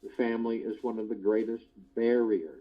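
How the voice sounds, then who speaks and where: A man giving a spiritual discourse, slow and deliberate, often repeating his key phrases. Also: fairly low pitch, fairly even intonation, dull audio. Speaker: spiritual teacher.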